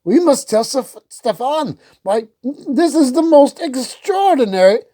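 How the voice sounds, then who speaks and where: A woman voicing an excitable, pompous old king who squeaks and sputters when he shouts. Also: measured pace, full character voice. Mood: bossy.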